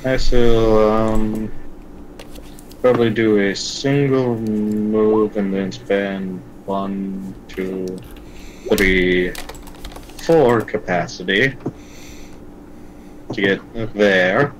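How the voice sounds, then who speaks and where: A man playing a tabletop game with friends, thinking aloud slowly as he plans his character's moves. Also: on the low side, steady tone, a little hiss or hum, rough recording. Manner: slow, thinking aloud while planning moves. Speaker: player. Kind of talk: casual tabletop game chat.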